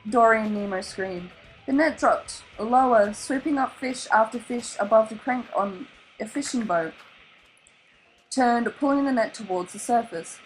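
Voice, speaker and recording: A woman with an Australian accent reading a children's novel aloud in an animated, expressive way. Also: fairly high pitch, a little slow, soft background music, rough recording. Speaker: storybook reader.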